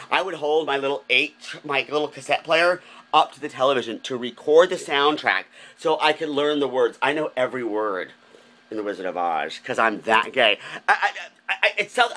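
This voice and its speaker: A man's voice: medium pitch, pushed and bright. Flamboyant man ranting on a phone vlog. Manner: flamboyant, gushing exclamations. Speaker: vlogger host. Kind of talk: comedic vlog rant.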